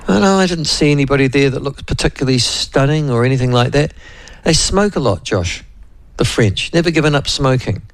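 A man's voice: medium pitch, lively intonation, a little fast, no room sound, poor audio. A man with a New Zealand accent hosting a radio show in a rambling, chatty, digressive way. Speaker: radio host. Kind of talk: casual radio chat.

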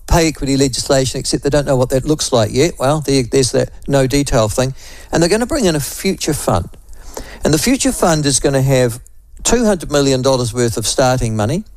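A man's voice: on the high side, darkish tone, no echo, rough recording. Nz radio host guy, sarcastic and combative, dry close sound. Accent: New Zealand. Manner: combative, sarcastic, with frequent asides. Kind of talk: opinionated talk radio monologue.

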